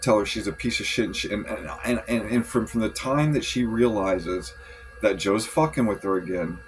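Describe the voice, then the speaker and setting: Frustrated low-voiced man venting. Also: normal speed, slight background noise, poor audio. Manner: frustrated, rambling, swearing, many restarts. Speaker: vlogger. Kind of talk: venting journal monologue.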